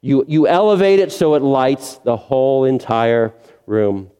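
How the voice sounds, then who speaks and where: A man's voice: mid-range voice, animated, a little slow, mellow, clear, resonant tone. A male pastor preaching a sermon earnestly, asking rhetorical questions and repeating key phrases. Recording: long reverb of a large hall.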